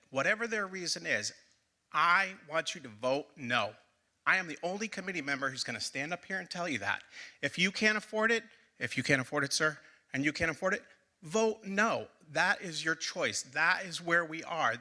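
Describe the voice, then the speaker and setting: A man's voice: fairly high pitch, sharp tone. A man on a school building committee giving an impassioned speech at a public forum, repeating phrases for emphasis. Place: public meeting hall.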